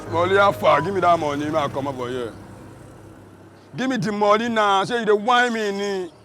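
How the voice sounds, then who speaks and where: An actor playing a pushy, insulting young tout with a Nigerian accent. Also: male voice, high-pitched, moderate pace, a bit bright. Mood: demanding. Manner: bullying, insulting in Pidgin. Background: background music.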